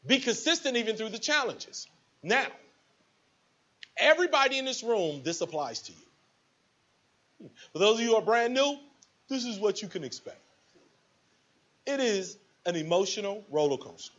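A man's voice: sits high, lively intonation, moderate pace, long pauses, a bit bright, lo-fi sound. A man giving a preachy motivational speech to a live audience, acting out little scenes with quoted voices. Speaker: motivational speaker at a business event.

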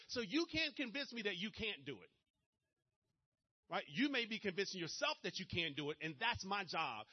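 A man with a Maryland accent giving a fast-talking, energetic motivational seminar talk straight to his audience. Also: high-pitched, highs cut off. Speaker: motivational speaker at a business presentation.

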